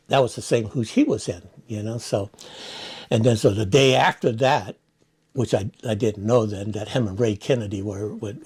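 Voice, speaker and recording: Older man with a gravelly, husky voice. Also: medium pitch, a little mellow. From San Francisco, United States. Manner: rambling, many restarts and "you know". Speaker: Vietnam veteran interviewee. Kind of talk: casual storytelling interview.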